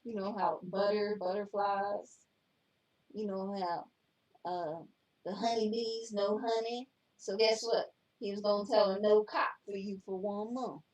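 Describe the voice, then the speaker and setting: A woman's voice: medium pitch, steady tone, unhurried, a little mellow. A woman co-hosting a casual show, reading jokes aloud and then explaining them with teasing remarks. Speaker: co-host. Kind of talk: casual joke-telling chat. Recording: echoey room, far from mic.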